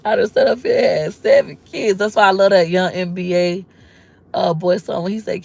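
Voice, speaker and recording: A woman in her forties talks straight to her viewers as a mom, rambling and emotional, in loose everyday slang. Her voice sits at a middling pitch with a gravelly fry running through it. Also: normal speed, a little mellow. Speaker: vlogger, mother. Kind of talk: candid casual talk to viewers.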